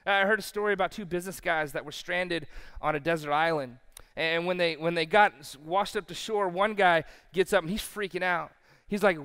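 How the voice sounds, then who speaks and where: A man's voice: high-pitched, brisk, bright, forceful tone, clear, resonant tone, in a large hall. A male pastor preaching a sermon, telling stories animatedly and acting out the quotes himself. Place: church sanctuary.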